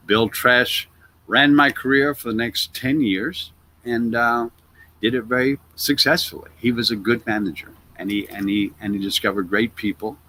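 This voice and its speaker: A man who is an actor, telling stories as an interview guest in a loose, animated way that trails off into "blah, blah.". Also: mid-range voice, slight background noise. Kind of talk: anecdotal interview storytelling.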